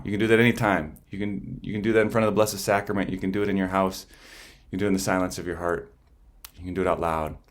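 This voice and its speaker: Deep-voiced priest giving a conversational sermon. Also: male voice. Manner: plain, conversational storytelling with frequent restarts.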